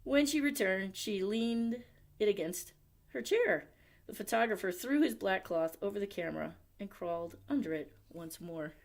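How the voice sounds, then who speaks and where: A woman at a library reading a picture book aloud, expressive, with chatty asides to young listeners. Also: medium pitch, normal speed. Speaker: library storyteller.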